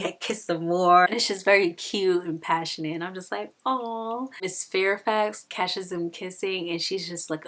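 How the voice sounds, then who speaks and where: A young woman talks through a novel's plot in a relaxed, chatty review, her voice sitting a little low. She peppers her retelling with "like" and acts out the characters' quotes as she goes. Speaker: book reviewer.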